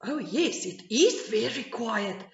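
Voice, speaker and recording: A woman voicing a group of small foxes looking for a home, with a high, whiny childlike voice, in a storybook reading. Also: lively intonation, slow pace. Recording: roomy, slightly dull home recording.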